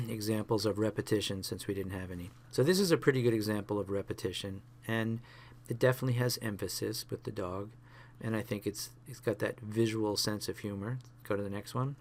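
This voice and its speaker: A man's voice: on the low side, fairly quick. A man teaching a photography class, talking through example pictures with many fillers and restarts. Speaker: photography instructor.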